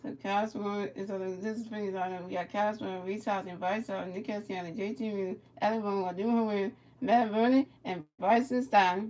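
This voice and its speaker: A woman's voice: mid-range voice, steady tone, moderate pace, few pauses, a little mellow, slight background noise. A woman streamer giving casual play-by-play of a baseball video game, chatting with a viewer and stumbling over repeated words.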